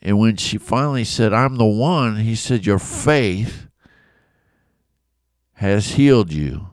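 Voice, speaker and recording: A man's voice: fairly low pitch, expressive, slow, no echo, clean studio sound. A man giving a casual, conversational Bible lesson, acting out the people in the story. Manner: conversational, acts out quoted voices. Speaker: Bible teacher.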